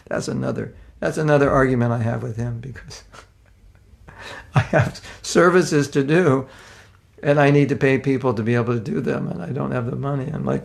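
A man preacher telling personal stories in an informal sermon, conversational and self-deprecating, with halting restarts. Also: mid-range voice, fairly even intonation, creaky.

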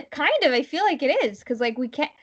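A woman co-hosting a podcast in casual chat, relaxed and agreeable, with lots of fillers as she talks. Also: high-pitched, normal speed, dull audio. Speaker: podcast co-host.

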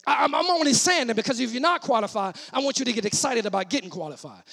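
A middle-aged man from New preaching a sermon in church, with call-and-response lines and shouted peaks. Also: extremely high pitch, big pitch swings, fast talker, creaky, few pauses. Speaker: pastor.

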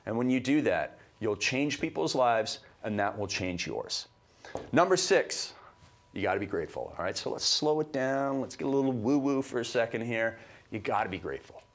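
A man from Canada co-hosting a motivational podcast, delivering advice in an emphatic, high-energy way. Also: normal speed. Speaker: podcast co-host.

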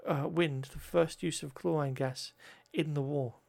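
A man's voice: fairly high pitch, steady tone, unhurried, creaky, darkish tone, a little hiss or hum. A man reading history notes aloud, often stumbling over words, correcting himself and adding joking asides.

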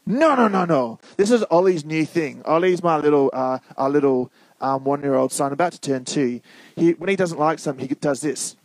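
A man gives a relaxed, chatty sermon and reads passages aloud, stopping often to get the audience to call back. His voice sits a little high, and the sound is close and dry. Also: brisk, no echo, rough recording. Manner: conversational, prompts the audience to call out. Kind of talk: casual preaching and scripture reading.

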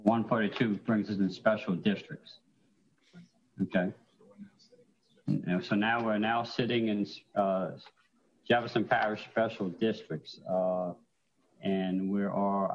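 Low-ish guy chairing a council meeting, reads out item numbers, procedural, muffled remote audio. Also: steady tone, unhurried. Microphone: remote call-in audio.

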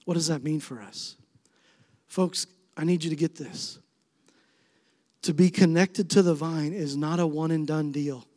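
A middle-aged man preaching a sermon as pastor, swinging between soft, tender passages and emphatic, rising appeals. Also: on the high side, fairly even intonation, measured pace, long pauses. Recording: long reverb of a large hall.

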